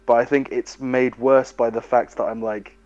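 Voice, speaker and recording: A man talking loosely on a band podcast, circling his point through stacks of fillers. His voice sits in an ordinary middle pitch, relaxed and unscripted. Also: moderate pace, dry recording, muffled recording. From England. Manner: rambling, filler-heavy. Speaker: podcast co-host. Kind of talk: casual podcast chat.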